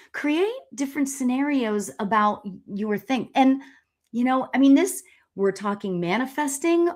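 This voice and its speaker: Woman medium hosting a live stream, mid-pitched, gushing and rambly, laughs a lot. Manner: gushing and excitable, with frequent laughs and exclamations; chatty and rambling, with fillers and restarts. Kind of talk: live-stream tarot card reading.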